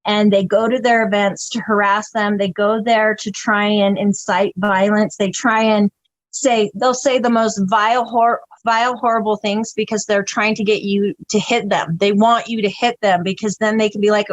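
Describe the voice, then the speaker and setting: A woman guest on a podcast telling stories in casual chat, animated and profane, often breaking into laughter. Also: medium pitch, normal speed, dry recording, lo-fi sound.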